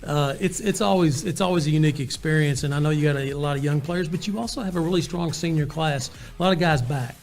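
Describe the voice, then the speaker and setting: Man hosting a sports interview, voice on the higher side, casual and chatty, faint music behind. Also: fast talker, gravelly, hardly any pauses, a little mellow. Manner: conversational, with fillers. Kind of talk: interview questions.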